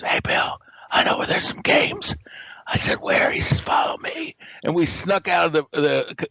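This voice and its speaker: An older man with a voice of middling pitch tells his story in an animated, theatrical way. He acts out every quoted line. The sound is close and dry, with no room around it. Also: no echo, low-quality recording. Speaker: guest, game company founder. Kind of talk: anecdotal storytelling.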